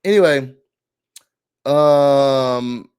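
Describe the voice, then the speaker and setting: A man hosting a casual reality TV recap, talking in an animated, dramatic way with slangy asides. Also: mid-range voice, drawn-out words, clear, resonant tone.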